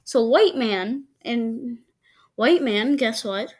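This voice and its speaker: A woman's voice: fairly high pitch, slightly rough. A woman giving casual reaction commentary to videos, arguing her points with frequent stops and restarts. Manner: halting, argumentative, many restarts.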